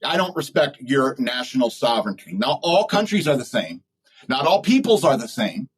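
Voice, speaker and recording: A man's voice: medium pitch, very animated, normal speed, husky, rough recording. A man hosting a podcast, talking in a blunt, rambling, opinionated way and laughing at his own jokes. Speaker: podcast host. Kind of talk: opinionated solo talk.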